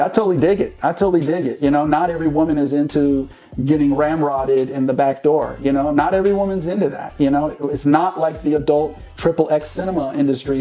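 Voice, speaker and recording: A man's voice: a little high, mellow. A man hosting a casual dating advice monologue, who keeps checking in with "you know what I mean?".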